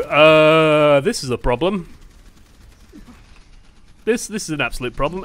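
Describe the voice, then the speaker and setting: Young man, casual esports analyst, bright voice, swears freely. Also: fairly high pitch, unhurried, long pauses, no echo. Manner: chatty, swears freely, animated asides. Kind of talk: casual match breakdown commentary.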